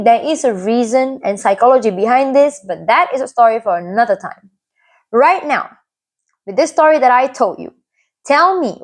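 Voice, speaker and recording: A young woman with a high voice recounts a personal story straight to camera. She sounds earnest and confiding, and keeps checking in with the listener by asking "right?". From Malaysia. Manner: earnest and confiding, often tags lines with "right?". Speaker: vlogger.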